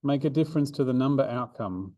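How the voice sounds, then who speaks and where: A man's voice: medium pitch, expressive, a little fast, dry recording, dull audio. A man, a maths learning centre coordinator, explains a revision seminar step by step with fillers and restarts. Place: room, drawing notes for an overhead camera.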